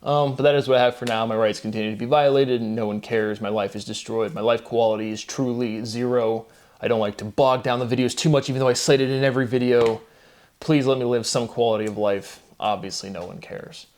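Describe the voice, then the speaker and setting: Male host, mid-pitched, solo rambling monologue, lots of fillers and restarts. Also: fairly even intonation, brisk, darkish tone. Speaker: channel host.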